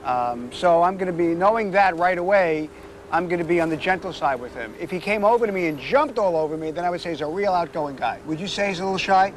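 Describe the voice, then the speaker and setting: Guy dog trainer talking outside, kinda high voice, traffic going by, chatty how-to vibe. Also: animated, fast talker. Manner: chatty, explanatory, goes high and sing-song coaxing the dog. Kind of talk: on-location dog training demo.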